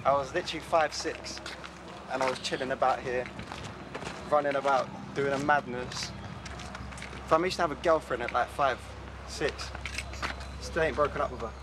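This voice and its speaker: A man from Poland, chatting animatedly with lots of slang while walking through his childhood neighbourhood. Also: medium pitch. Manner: animated, slangy, quick to laugh. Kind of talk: casual walking tour chat. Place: outdoors on city streets. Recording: street noise and traffic outdoors.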